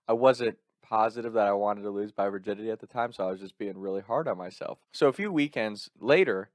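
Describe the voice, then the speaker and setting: A young man casually telling a personal story, animated and laughing, getting louder as it heats up. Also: no echo, clean studio sound. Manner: animated, laughing, gets louder and higher when excited.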